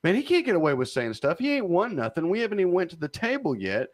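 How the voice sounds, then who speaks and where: A man's voice: sits high, very animated, quick pace. A man co-hosting a podcast in casual political discussion, hesitant and repeating words as he searches for them.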